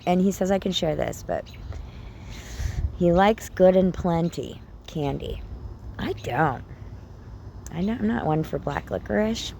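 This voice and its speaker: A woman's voice: sits low, gravelly, warm tone, a little hiss or hum. A woman giving an intimate, emotional spiritual talk, often dropping to a whisper, recorded outdoors. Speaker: spiritual content creator. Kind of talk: personal spiritual talk to camera.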